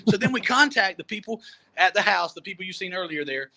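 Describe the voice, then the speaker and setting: A man with a high, bright voice tells a long travel story in a loose, chatty way. He laughs easily and often repeats words as he goes. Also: expressive, fairly quick. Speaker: storyteller guest. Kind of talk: casual storytelling. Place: Jamaica.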